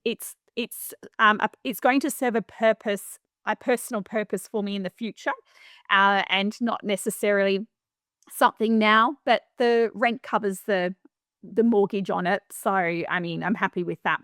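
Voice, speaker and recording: A middle-aged Australian woman talks through her stories as a podcast guest, chatty and animated, often restarting sentences. Her pitch sits in a mid range for a woman. The sound is dry and close, with no room around it. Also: moderate pace, no room sound. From Western Australia. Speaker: property manager, podcast guest. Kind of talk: casual interview storytelling.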